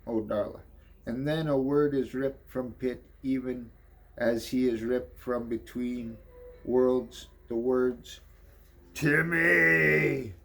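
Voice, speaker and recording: A man's voice: mid-range voice, little pitch movement, mellow. A man reading a comic book aloud in a casual, offhand way, ad-libbing and swearing between panels. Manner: slow, offhand, swears and ad-libs.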